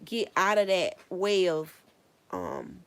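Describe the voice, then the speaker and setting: An artist paints earrings on a casual livestream, rambling and thinking out loud, laughing at her own musings, and asking viewers things directly. She speaks slowly in a lowish, steady voice that is gravelly yet smooth.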